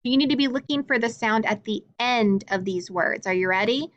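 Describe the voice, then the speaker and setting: Speaking slowly and clearly to young children, a woman leads a phonics lesson and praises them encouragingly and often. Her pitch is fairly high, and the lo-fi recording has slight background noise.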